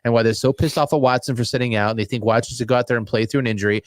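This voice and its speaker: A man co-hosting a casual sports podcast, teasing his partner and talking in a quick, profane way. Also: mid-range voice, steady tone, no room sound. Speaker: podcast co-host.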